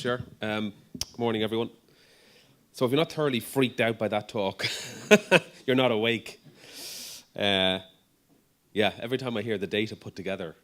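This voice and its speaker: Middle-aged man, low voice, chatty conference speaker with ums and asides. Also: fairly bright tone. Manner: conversational, lots of ums and restarts, light humor. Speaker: neurologist giving a conference talk. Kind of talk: conference presentation.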